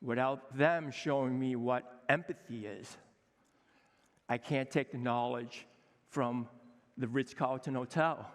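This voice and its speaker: A man in his sixties, a chef giving an energetic, emphatic conference talk, acting out quoted dialogue. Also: mid-range voice, slow pace. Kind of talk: conference speech. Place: conference hall with a seated audience. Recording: long hall reverb.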